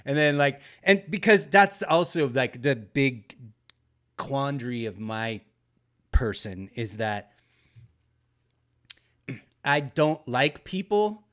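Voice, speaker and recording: A man hosting a casual podcast conversation, relaxed and laughing often, swearing casually. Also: mid-range voice, unhurried, long pauses. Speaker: podcast host.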